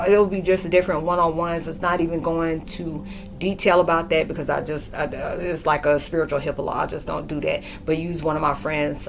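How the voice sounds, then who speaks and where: Woman, forties, spiritual podcaster, slangy rambling talk, lowish voice, faint background music. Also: vocal fry. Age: 40s. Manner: slangy, animated, acts out quoted dialogue.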